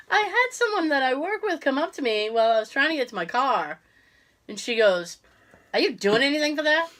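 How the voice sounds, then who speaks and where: Brief: female podcast co-host, fighting a cough, animated voice that swings up and down, acts out every quote. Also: sits high, normal speed, pauses often. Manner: animated storytelling, acting out quotes, laughing often. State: sick with a cough. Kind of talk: casual chat.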